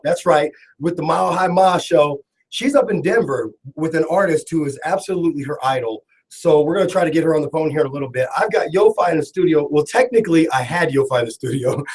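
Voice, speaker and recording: Male talk radio host, husky and slightly high, rambling storyteller in the studio. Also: fast, hardly any pauses, rough recording. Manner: rambling, laughing, animated storytelling.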